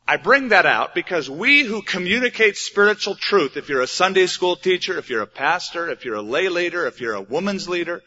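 Pastor, male, plain-spoken sermon delivery with rhetorical questions; forceful tone, muffled lo-fi recording. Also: high-pitched, sing-song, brisk, few pauses. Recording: dull lo-fi recording.

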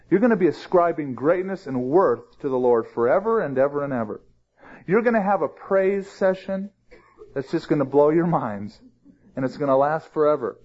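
A man's voice: a little high, a little mellow, slightly rough. A man teaching through a Bible passage in a conversational way, stressing key phrases with rising emphasis. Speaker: pastor. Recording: dull lo-fi sermon recording.

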